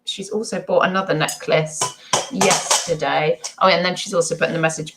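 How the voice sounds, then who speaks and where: A woman's voice: on the low side, steady tone, moderate pace, a bit bright, a little hiss or hum, low-quality recording. A woman vlogger chatting casually and rambling about her resale items, with giggly asides. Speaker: eBay reseller vlogger. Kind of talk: casual chat to viewers.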